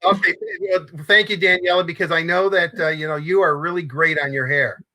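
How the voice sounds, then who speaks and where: An older man co-hosting a casual sports talk show, rambling and halting with repeated words and fillers. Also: fairly high pitch, steady tone, sharp tone. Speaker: co-host.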